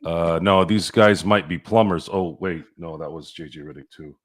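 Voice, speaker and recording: A man's voice: low-pitched, moderate pace. A man co-hosting a sports podcast, blunt and opinionated, with sarcastic asides in casual chat. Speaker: podcast co-host.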